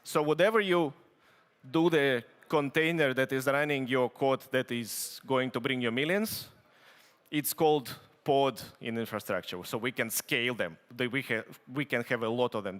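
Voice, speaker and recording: A man with a Russian accent giving a conference tech talk, halting with many fillers and restarts and dry joking asides. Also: medium pitch, a bit bright. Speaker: conference speaker. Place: conference hall stage. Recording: long hall reverb.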